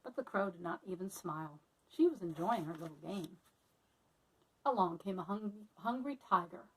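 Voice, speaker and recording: A woman teacher reading a picture book aloud to children in a friendly, expressive way. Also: mid-range voice, normal speed, slightly rough, far from the mic, low-quality recording.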